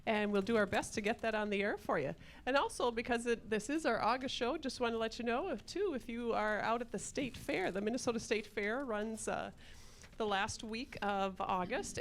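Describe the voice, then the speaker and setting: A woman's voice: fairly high pitch, a little hiss or hum. A woman co-hosting a community TV show, giving viewers plain announcements. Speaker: co-host. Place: community TV studio.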